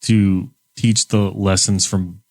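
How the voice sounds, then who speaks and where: A man's voice: deep voice, little pitch movement, slow pace, a little mellow, no echo. A man co-hosting a podcast, rambling through his thoughts in casual chat. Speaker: podcast co-host.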